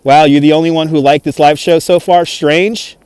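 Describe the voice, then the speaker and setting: This New York-accented man's voice is somewhat high, darkish and clean, with fairly even intonation at a moderate pace, recorded dry. He's hosting a casual livestream from a snowy city park, walking along, chatting, laughing often and reading comments aloud via a gimbal-mounted phone camera.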